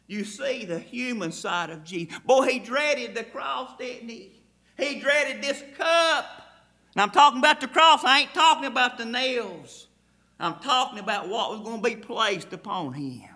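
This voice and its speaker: Male pastor, high bright voice, slow deliberate fervent preaching delivery. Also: lively intonation. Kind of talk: sermon.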